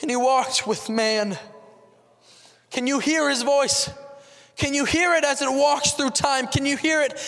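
A man's voice: extremely high pitch, fairly even intonation, unhurried, pauses often, fairly bright tone, big-room sound. A man preaching a fervent sermon as a pastor, building with repeated rhetorical questions.

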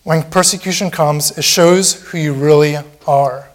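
A man's voice: on the high side, fairly even intonation, a little slow. A man preaching a sermon in a church, impassioned and repetitive, acting out the mocking voices of a crowd.

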